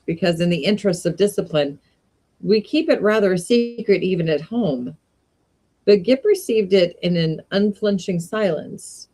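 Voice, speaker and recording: A woman reading a classic short story aloud in an unhurried way, with brief casual asides. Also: medium pitch, a little mellow. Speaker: reader of short stories.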